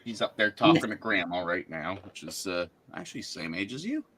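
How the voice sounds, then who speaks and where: A man's voice: deep voice, very animated, a little fast, crowd noise. A young man in casual chat, joking, swearing freely and poking fun at himself. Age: young adult. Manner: joking, swearing, self-mocking. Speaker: friend in a group chat.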